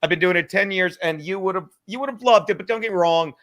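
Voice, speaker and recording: A man with a high, bright voice hosting a loose comedy podcast. He swears freely and tells stories with rising excitement. He laughs often and sometimes breaks into shouting. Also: brisk, no room sound, studio quality. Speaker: podcast host. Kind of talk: casual comedic podcast chat.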